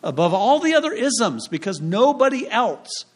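A man's voice: very high-pitched, very animated, moderate pace. A man preaching a sermon as pastor, in a conversational way with jokes and rhetorical questions.

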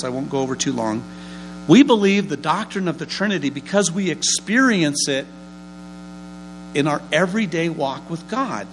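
Male pastor, higher register, lively sermon delivery with self-answered questions and folksy humor; faint hum underneath. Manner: lively, asks and answers his own questions; homely humorous asides.

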